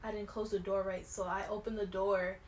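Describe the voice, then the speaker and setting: A young woman vlogger telling a storytime in casual slangy chat, animated, dropping to hushed tones and rising to shouts. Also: medium pitch, a little fast. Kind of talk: storytime vlog. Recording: echoey room with faint noise.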